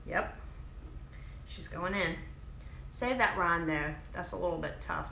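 Woman, cooking host, bright higher voice, unhurried delivery, echoey kitchen. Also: gravelly, a little hiss or hum. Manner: excitable, chatty, addresses viewers as y'all. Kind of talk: casual cooking demo.

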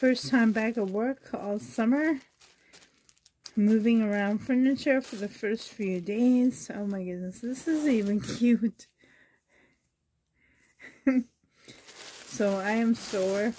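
A woman's voice: on the high side, slow, long pauses, warm tone, slight background noise. A woman vlogger from Canada unboxing gifts in casual chat to the camera, gushing and exclaiming over each item, sore and a little strained in the voice. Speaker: reborn doll vlogger.

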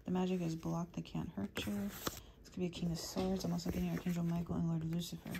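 A woman reads tarot for her viewers in a low, level voice, talking quietly and now and then dropping to a whisper. She rambles from one message to the next and reels off lists of names as they come to her. A faint hiss of noise sits under the recording. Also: little pitch movement, quick pace, gravelly. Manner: low, hushed delivery drifting into whispers. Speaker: tarot reader. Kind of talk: channeled tarot reading to viewers.

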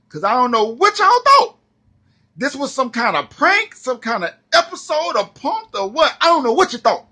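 A man's voice: high voice, normal speed. A male comedian in a mocking comedic rant, talking straight to his viewers. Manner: animated, mocking, addresses viewers directly.

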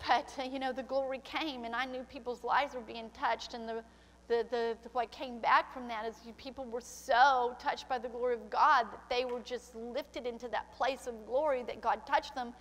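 A woman's voice: fairly high pitch, steady tone, moderate pace, a bit bright, long reverb tail. An older woman pastor preaching a sermon, emotional and tearful, slipping into prayer. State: crying. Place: church sanctuary.

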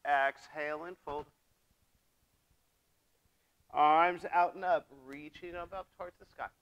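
A male yoga teacher guides his class through breathing and poses with gentle, step-by-step cues. He talks very slowly, with a voice that sits a little high for a man, and keeps things playful for his young students. The sound is dry and close. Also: steady tone, no room sound, muffled recording.

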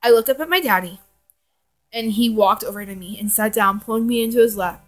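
A woman's voice: on the high side, brisk, soft background music. Young woman casually reading her fanfic. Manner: chatty asides, self-correcting. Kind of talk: casual fanfic read-aloud.

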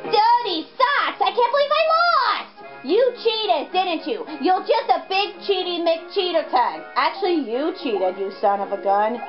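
A woman's voice: extremely high pitch, lively intonation, measured pace, few pauses, lo-fi sound, soft background music, pitched above the performer's own voice. A woman reading the lines of a bratty, boastful young male koopa prince in a smug, taunting way. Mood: sulky.

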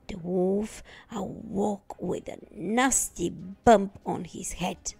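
Slow, husky woman reading a story. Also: lowish voice. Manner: expressive, dramatic storytelling.

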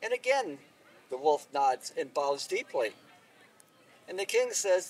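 A man telling a folk tale aloud at an outdoor event, unhurried and expressive, recorded from a distance. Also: on the high side. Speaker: storyteller. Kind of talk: oral storytelling.

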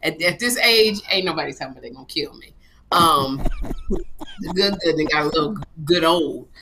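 A woman's voice: low voice, expressive, normal speed, background noise. A middle-aged woman co-hosting a comedy livestream, telling a story with dramatic flair. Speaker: comedy show co-host. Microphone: livestream microphone.

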